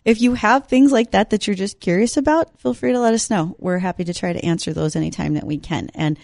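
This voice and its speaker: A woman's voice: medium pitch, a little fast, creaky, darkish tone, no echo, studio quality. A woman co-hosting an agriculture and weather radio show, chatting in a friendly, conversational way. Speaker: radio farm show co-host. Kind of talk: radio talk show chat.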